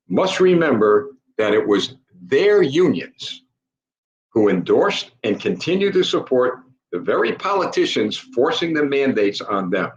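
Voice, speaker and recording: Older man, political monologue, swooping animated pitch, emphatic. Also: echoey room, poor audio. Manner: emphatic, repeatedly addresses listeners as folks. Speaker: political commentator.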